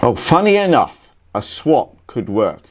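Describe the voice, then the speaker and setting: Lively, wry British man. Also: medium pitch, measured pace. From United Kingdom. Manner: joking, wry. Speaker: podcast co-host. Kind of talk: casual political chat.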